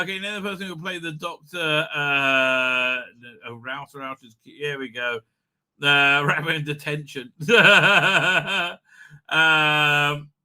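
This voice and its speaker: A man's voice: fairly high pitch, bright, forceful tone. A man hosting a live stream, rambling and ranting with lots of swearing and filler words. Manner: profane, ranting, many fillers. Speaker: livestream host.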